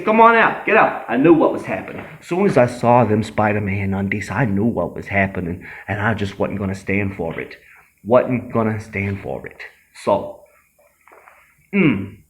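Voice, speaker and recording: A man's voice: mid-range voice, natural voice. A man voicing a brash, boastful young tough guy who rambles, swears and brags in a comedy sketch. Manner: cocky, rambling, swearing, self-aggrandizing.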